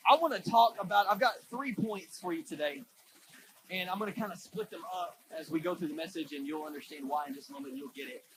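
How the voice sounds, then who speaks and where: A man's voice: high-pitched, fairly bright tone, a little hiss or hum, rough recording. A male pastor preaching a sermon in a casual storytelling way, full of fillers, in a church.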